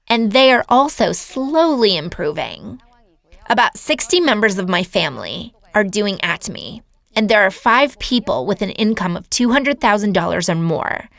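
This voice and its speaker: A woman's voice: mid-range voice, gravelly, a bit bright, no room sound. Earnest woman telling her story. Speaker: seminar speaker. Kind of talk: personal testimony lecture.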